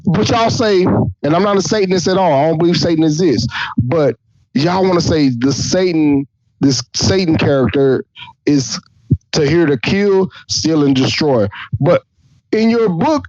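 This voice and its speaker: A man's voice: on the high side, a little mellow, no room sound. A man hosting a casual podcast, reading scripture aloud and mocking it in an irreverent, profane, joking way. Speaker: podcast host. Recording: dull lo-fi dry recording.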